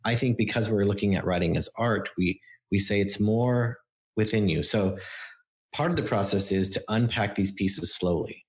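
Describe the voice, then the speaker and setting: A man's voice: lowish voice, moderate pace. A man on a podcast interview, explaining his coaching process through stories and acted-out quotes from clients. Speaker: book coach guest.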